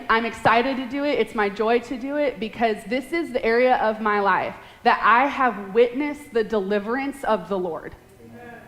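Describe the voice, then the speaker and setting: A woman in her late twenties preaching a sermon, talking fast and emotionally. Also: a little high, a bit bright. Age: late 20s. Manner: fast, emotional, laughs and tears up. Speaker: guest preacher. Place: large church hall. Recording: echoey hall with long reverb.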